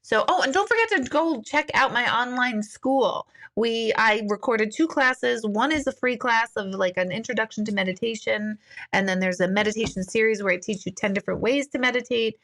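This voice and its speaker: A woman's voice: a little high, moderate pace, a bit bright. Chatty woman hosting a live Q&A. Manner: chatty and informal, reads viewer comments aloud, laughs easily. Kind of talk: casual live-stream chat. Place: a room in her home. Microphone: live-stream device mic.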